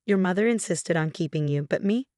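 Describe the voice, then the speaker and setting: A woman's voice: fairly low pitch, expressive, a little fast, a little mellow, no room sound, clean studio sound, close to an everyday voice. A woman voicing a cruel, drunk middle-aged father who talks dismissively. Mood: scornful. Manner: slurred, dismissive.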